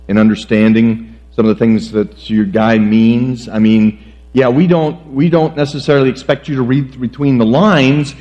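A man's voice: medium pitch, fairly even intonation, moderate pace, dark tone. A middle-aged man preaching a sermon on marriage in a folksy, joking way, often stumbling and restarting his phrases. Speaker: pastor. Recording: dull lo-fi sound with mains hum.

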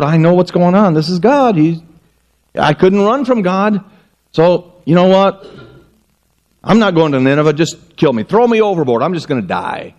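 A middle-aged male pastor preaching a sermon, telling stories in an animated way and acting out the voices. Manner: animated storytelling, acting out voices with wide pitch swings.

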